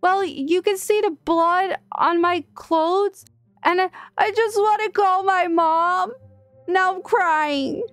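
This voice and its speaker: A woman's voice: very high-pitched, slow, voice pushed up. A woman putting on a lost, pleading little girl. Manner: pleading, stammering. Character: lost scared young girl trick-or-treater. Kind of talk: playing a character in a video game.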